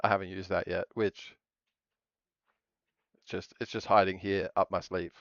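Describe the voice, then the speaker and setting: A man's voice: low-pitched, level tone, normal speed, gravelly, fairly bright tone, no room sound, lo-fi sound. A man streaming casually, rambling and joking, often breaking off mid-sentence. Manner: rambling, jokey, self-interrupting. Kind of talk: casual live-stream chatter.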